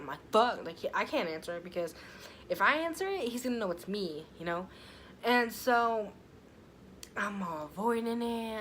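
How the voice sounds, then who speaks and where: A woman's voice: medium pitch, a bit bright, a little hiss or hum. A young woman telling a storytime vlog in a chatty, casual way, full of fillers and swearing. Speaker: vlogger.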